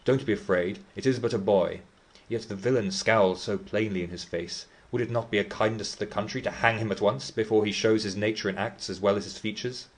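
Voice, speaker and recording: A man's voice: fairly low pitch, steady tone, brisk, lightly acted. A man reading the part of a blustering, pompous old magistrate in an audiobook.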